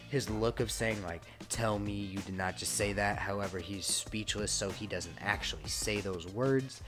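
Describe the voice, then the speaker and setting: A man giving casual commentary over a wrestling game, chatty and rambling, with frequent swearing and asides. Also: lowish voice. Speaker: gaming channel host.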